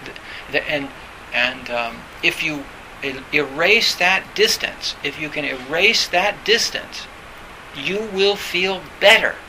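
A man's voice: on the high side, lively intonation, takes it slowly, bright, forceful tone, poor audio. A man giving a conversational dharma talk, full of fillers and restarts, who acts out quoted voices now and then. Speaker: meditation teacher. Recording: faint hiss.

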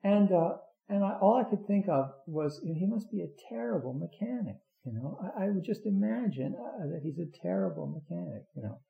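A man giving a rambling Zen talk, halting often with fillers and restarts. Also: high voice, lively intonation, creaky. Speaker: Zen teacher. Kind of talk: dharma talk. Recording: roomy, dull lo-fi recording.

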